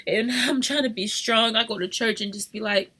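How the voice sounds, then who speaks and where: A young woman in an emotional confessional vlog, crying and talking softly at home. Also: a little high, steady tone, normal speed, husky. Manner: tearful, shifting between crying, soft whispers and rueful laughs. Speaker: vlogger. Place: home at night.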